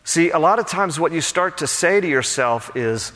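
Guy preaching in a big church, voice kinda high, long echo hanging after each line, gets fired up then goes soft. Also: lively intonation, moderate pace. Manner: impassioned preaching that turns hushed and pastoral. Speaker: pastor. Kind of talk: sermon. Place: church sanctuary with a congregation. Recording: long church hall reverb.

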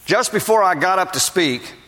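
A male pastor preaches a sermon through stories, acting out the voices of the people he quotes. His voice is high, animated, pushed and bright at a normal speed, and a large hall adds long reverb.

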